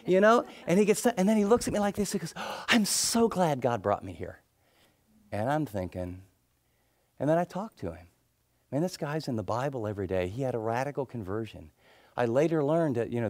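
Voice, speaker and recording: A middle-aged male pastor preaching a sermon, telling stories and acting out the people in them, then dropping into soft, intense tones. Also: a little high. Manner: storytelling, acts out quoted people, drops to soft intense tones.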